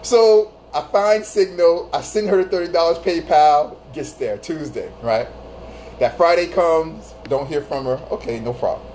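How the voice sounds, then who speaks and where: A man's voice: fairly high pitch, measured pace, darkish tone, slight background noise. A man hosting a phone livestream, telling a story casually to his chat. He laughs often and repeats phrases for emphasis. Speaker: livestream host.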